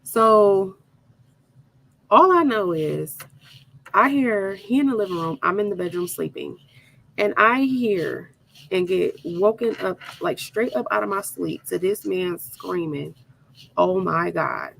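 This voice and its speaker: A woman hosting a crafting video, telling an animated, dramatic story straight to her viewers while she works. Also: medium pitch, measured pace, creaky, slight background noise, rough recording. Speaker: crafting channel host.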